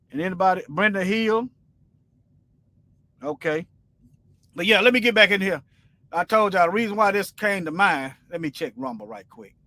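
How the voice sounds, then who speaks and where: A man teaching scripture in a loose, conversational livestream, wandering between points and pressing them home with force. His voice sits high and sounds sharp and bright. The sound is close and dry, with no room echo. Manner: colloquial, rambling, emphatic preaching. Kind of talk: informal livestream Bible teaching.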